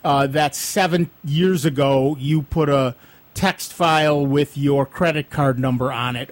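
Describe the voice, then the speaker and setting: A man hosting a casual radio tech call-in show, explaining at length with frequent ums and asides. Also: fairly high pitch.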